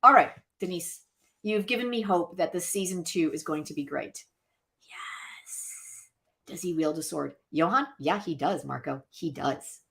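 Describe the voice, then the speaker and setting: A woman's voice: lowish voice, moderate pace, gravelly. A woman co-hosting a live chat stream, talking casually and animatedly to viewers and co-hosts. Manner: chatty, animated, talks to viewers directly. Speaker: podcast co-host.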